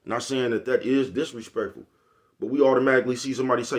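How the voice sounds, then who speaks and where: A vlogger with a mid-range voice talks briskly and casually to his camera, swearing as he rambles. He keeps asking "you know what I'm talking about?" again and again.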